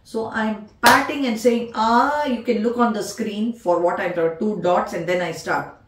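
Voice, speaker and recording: A woman's voice: medium pitch, fairly even intonation, normal speed, roomy sound, far from the mic, background noise. A woman teaching veena in a patient tutorial, counting beats and naming the notes one by one. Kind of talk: music tutorial explanation.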